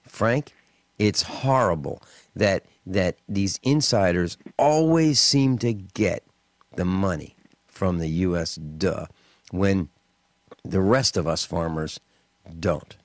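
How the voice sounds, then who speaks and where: A man hosting a talk radio show, telling stories and ranting in an indignant, animated way with mocking asides. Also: low voice, slow pace, no echo.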